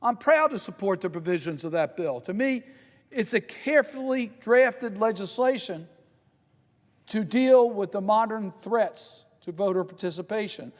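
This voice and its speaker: An older man from Maryland giving a measured, emphatic Senate floor speech, slowing down to stress key points. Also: high voice, expressive, in a large hall. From Maryland, United States. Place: large legislative chamber.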